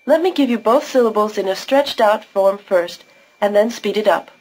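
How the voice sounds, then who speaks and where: A woman's voice: mid-range voice, moderate pace, a little mellow, poor audio. A woman giving scripted narration for a language course, patiently explaining pronunciation step by step.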